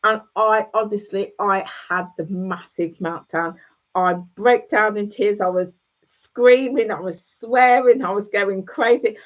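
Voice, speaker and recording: A woman's voice: medium pitch, a little slow. A middle-aged woman talks casually and encouragingly to her viewers, repeating key phrases to drive them home. Her voice sits in an ordinary middle register. The sound is a bit dull and lo-fi. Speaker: host. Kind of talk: casual motivational chat with viewers.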